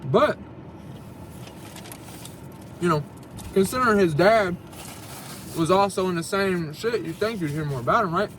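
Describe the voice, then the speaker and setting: A man's voice: sits high, expressive, measured pace, long pauses, fairly bright tone. A young man co-hosting a casual podcast, talking loosely and profanely and joking around inside a car. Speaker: podcast co-host. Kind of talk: casual chat. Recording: distant mic with car noise.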